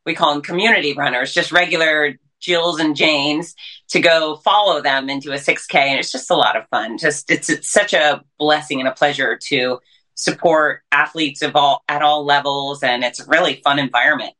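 A woman who works as a race announcer and fitness speaker, talking as an upbeat, energetic interview guest. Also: low voice, normal speed, rough recording.

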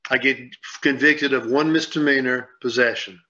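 A man's voice: medium pitch, steady tone, moderate pace, bright, forceful tone. A man on a sports radio show, rambling and repeating himself as he tells a story and acts out what people said. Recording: dull lo-fi sound.

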